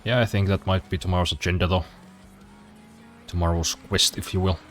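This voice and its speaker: A man's voice: deep voice, fairly even intonation, a little fast, faint music behind. A man streaming a racing game, chatting casually with dry, self-deprecating humor and casual swearing. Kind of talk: casual gameplay commentary.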